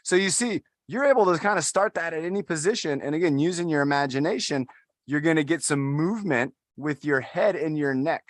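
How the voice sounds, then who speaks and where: A man's voice: fairly high pitch, fairly quick, no echo, clean studio sound. A man instructing an adaptive fitness class, talking in an upbeat, encouraging way and counting down the holds. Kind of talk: guided workout instruction.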